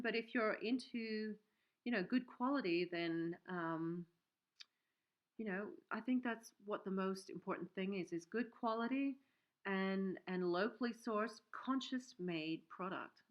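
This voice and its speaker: A woman's voice: on the high side, measured pace. A woman hosting a casual livestream from her workshop, chatting in a rambling way with many fillers and reading out viewer comments. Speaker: livestream host and soap maker. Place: home workshop. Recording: dull, lo-fi stream audio.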